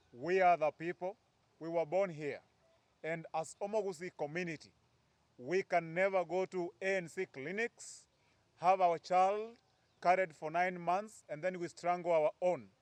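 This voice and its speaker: A man's voice: high-pitched, no echo. Kenyan man giving a rallying political speech. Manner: rousing, call-and-response chants. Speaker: youth speaker at a press briefing.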